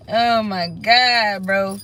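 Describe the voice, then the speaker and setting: A woman's voice: mid-range voice, pushed and bright, slight background noise. A woman giving a casual tarot reading, sassy and emphatic, swearing and repeating her points. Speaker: tarot reader.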